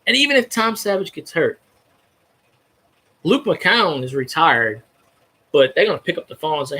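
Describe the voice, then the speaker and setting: A man's voice: fairly high pitch, animated, normal speed, pauses often, sharp tone, slightly rough. A man ranting bluntly about football in a casual chat, swearing freely and restarting his sentences as he goes. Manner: profane, blunt, rambling with restarts. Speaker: sports fan commentator.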